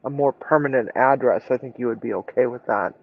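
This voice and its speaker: A man's voice: mid-range voice, brisk, creaky, narrow, tinny audio, a little hiss or hum. A man chatting casually as a guest, hedging loosely with lots of fillers. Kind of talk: casual chat.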